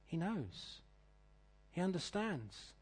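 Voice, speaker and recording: A middle-aged British man preaching a sermon, reading scripture and telling stories, swinging between loud declaiming and quiet asides. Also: sits high, big pitch swings, slow pace, breathy edge. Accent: British English. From Britain.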